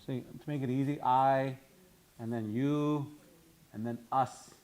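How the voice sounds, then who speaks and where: A man's voice: medium pitch, steady tone, a little slow, darkish tone, a little hiss or hum. A man teaching a language class, patiently repeating words and breaking them into syllables for his students.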